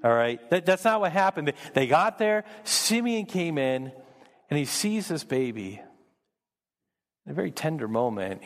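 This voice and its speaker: A man's voice: a little high, very animated, normal speed. A man preaching with an earnest, building delivery in a church sanctuary, his somewhat raised voice carrying a long reverb off the hall. He often repeats words as he works toward a point. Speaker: pastor. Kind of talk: sermon.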